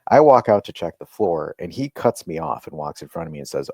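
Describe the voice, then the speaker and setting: A man with a lowish voice tells a story in a casual podcast chat, animated and swearing freely. His delivery swings between loud outbursts and quiet asides. The sound is dry and close. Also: brisk, vocal fry, few pauses, no room sound. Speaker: podcast co-host, restaurant owner.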